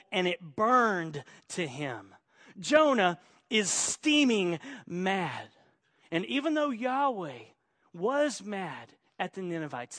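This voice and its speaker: A man preaching a sermon, moving between quiet, measured passages and emphatic, rising declarations. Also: sits high. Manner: dynamic, swings from quiet to emphatic. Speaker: pastor.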